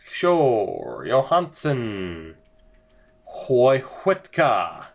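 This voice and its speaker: A young man narrates his video game session with weary sarcasm, drifting from one grumble to the next. He talks at a slow, drawn-out pace in a voice of middling pitch. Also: huge pitch swings, vocal fry, a little hiss or hum. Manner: exasperated, sarcastic, rambling. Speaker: gaming video creator. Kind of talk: let's-play commentary.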